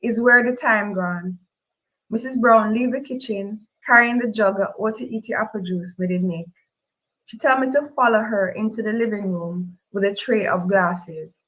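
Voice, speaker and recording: A woman with a Jamaican accent reads a novel aloud in a middle-pitched voice. She tells the story in the first person, and her voice rises into high emotional cries in the dialogue. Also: measured pace, a bit bright, poor audio. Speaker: reader. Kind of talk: audiobook-style fiction reading.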